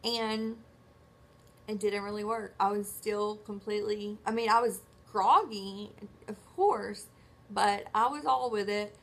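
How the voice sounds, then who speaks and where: A woman's voice: mid-range voice, steady tone, measured pace, fairly bright tone. Chatty woman vlogger, rambling storyteller. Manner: chatty, rambling storyteller who acts out quoted dialogue; self-correcting, filler-heavy. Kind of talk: casual chat.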